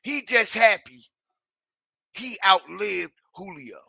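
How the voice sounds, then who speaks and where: A man's voice: sits high, lively intonation, takes it slowly, long pauses, pushed and bright, no room sound. A man giving a ranting online commentary, emphatic and profane, repeating himself and checking in with his listeners. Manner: emphatic, repetitive, keeps checking in with the audience; profane and mocking.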